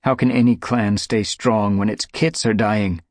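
A man voicing a weary female warrior cat who speaks softly and anxiously in a storybook reading. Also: medium pitch, moderate pace, gravelly, breathy edge, no room sound, studio quality, pitched above the performer's own voice. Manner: soft, anxious pleading. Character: worried she-cat warrior, gentle and weary.

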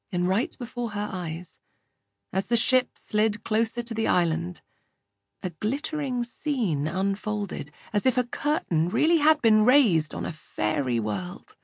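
A woman reading an audiobook aloud in a measured, even storytelling manner. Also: medium pitch, vocal fry, no room sound, studio quality. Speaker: audiobook narrator. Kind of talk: scripted audiobook narration.

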